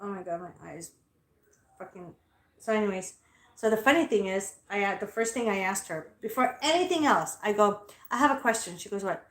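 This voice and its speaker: A woman talks loosely and bluntly in a casual vlog, with plenty of swearing. She sounds loud and straightforward, and her pitch sits in the middle. The room around her is echoey. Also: expressive, normal speed. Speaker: vlogger.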